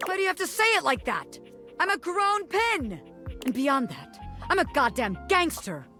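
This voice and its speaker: A woman voicing a cocky young gangster who is a bobby pin, with tough streetwise talk and a soft side underneath. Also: sits high, big pitch swings, moderate pace, soft background music, exaggerated voice. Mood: gruff. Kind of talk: video game voice acting.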